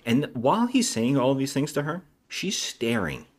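A man's voice: medium pitch, normal speed. A man co-hosting a bad-movie podcast, casually retelling the plot and acting out the characters' lines. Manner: animated retelling with acted-out dialogue.

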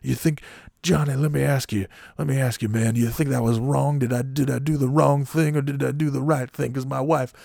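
Man putting on a slow-drawling aggrieved coworker. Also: fairly low pitch, creaky, darkish tone, slightly rough, dry recording, clean studio sound. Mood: agitated. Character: fixated man coworker griping about mayonnaise.

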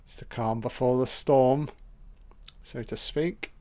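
A man's voice: mid-range voice, fairly even intonation, slow pace, darkish tone. A man giving a casual, crude running commentary on a film, swearing and reacting aloud.

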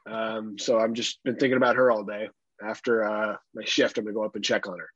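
A husky-voiced man co-hosts a podcast, spinning stories in a casual way and putting on the voices of the people in them. He laughs easily and swears freely. The sound is dry and a bit dull. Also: lowish voice, fairly quick, no room sound. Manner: animated, acts out other people's lines, laughs often, swears casually. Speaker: podcast co-host. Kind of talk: casual storytelling chat.

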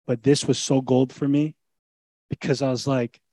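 A pastor preaching a sermon in an earnest, emphatic, conversational way. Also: male voice, mid-range voice, flat delivery, moderate pace, mellow, dry recording.

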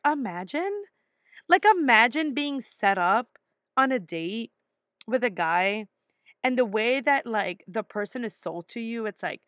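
A young woman telling a personal story in a casual, animated way, emphatic and full of swearing. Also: fairly high pitch, dry recording, clean studio sound.

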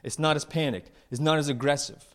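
A male pastor preaching to his church, retelling a story with playful asides and quick voices for the characters. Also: a little high, a bit bright. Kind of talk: lively storytelling sermon.

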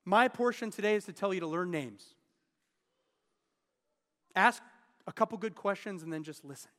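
A man's voice: high voice, normal speed, sharp tone, big-room sound. A man in his thirties giving a sermon as pastor, telling personal stories in an earnest, candid way. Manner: earnest, candid storytelling with restarts.

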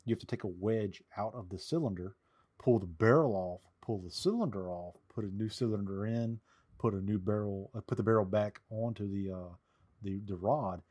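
A man's voice: fairly low pitch, darkish tone, husky. A man co-hosting a podcast in casual chat, a Civil War reenactor who jokes around and explains old gear step by step.

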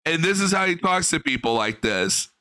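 Young guy roasting someone on stream, swears a lot, animated, bright high-ish voice. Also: normal speed, dry recording. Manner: mocking, animated, crude. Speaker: stream commentator. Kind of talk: profane reaction commentary.

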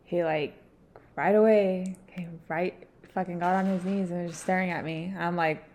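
Young female podcast co-host, lowish voice, blunt and profane, animated casual storytelling. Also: normal speed. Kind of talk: casual chat.

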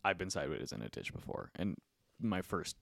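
A man's voice: low voice, animated, fairly quick, vocal fry, fairly bright tone. A man hosting a podcast in casual chat, sarcastic and joking, swearing freely. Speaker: podcast host.

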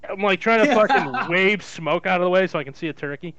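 A young man telling stories in a crude, lively way in casual podcast chat. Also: sits high, fast, over a noisy crowd. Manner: crude, swearing, lively storyteller. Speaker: podcast co-host. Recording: dull dry lo-fi sound.

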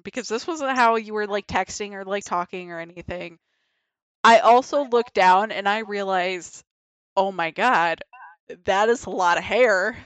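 A woman's voice: medium pitch, moderate pace, fairly bright tone, no echo. A young woman casually telling a frank, laughing story on a podcast, swearing freely and acting out her own reactions. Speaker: guest.

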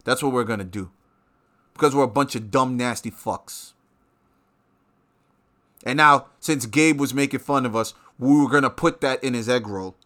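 A man hosting his own show, delivering a profane, animated rant with sudden loud outbursts. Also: mid-range voice, moderate pace, pauses often. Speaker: show host. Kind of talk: ranting monologue.

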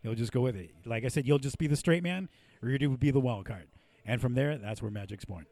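Gravelly-voiced man telling crude stories. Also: medium pitch, fast talker, darkish tone, no echo. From Mexican-American from San Diego. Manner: profane, storytelling, laughs often. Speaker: podcast host and puppeteer. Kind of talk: casual podcast chat. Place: podcast studio.

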